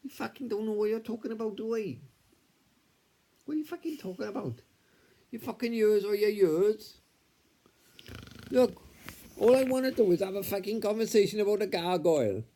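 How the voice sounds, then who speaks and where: A man blusters through an improvised comedy bicker in a put-on accent that wavers between Welsh and Scouse. His voice is mellow, and he swears constantly and tacks innit onto his lines. He is recorded on a tablet camera. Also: high-pitched, animated, moderate pace, long pauses. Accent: put-on mix of Welsh and Scouse. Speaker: comedy sketch performer.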